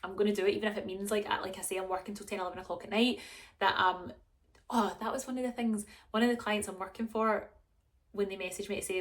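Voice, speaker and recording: A woman's voice: medium pitch, fairly even intonation, fast. A young woman, chatting to camera in a rambling, self-mocking way as a vlogger. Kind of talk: casual chat to camera.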